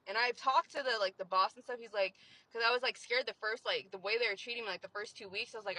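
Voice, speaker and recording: A woman's voice: medium pitch, fast, bright, forceful tone, poor audio. Irritated young woman venting profanely. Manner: frustrated, profane, rambling with many "like" fillers. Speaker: vlogger venting about work. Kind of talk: casual venting monologue.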